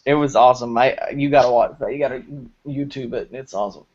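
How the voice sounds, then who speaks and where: A man co-hosting a movie news podcast in casual chat, excitable, jokey and rambling. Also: mid-range voice, fairly quick, muffled recording. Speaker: podcast co-host. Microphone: video call.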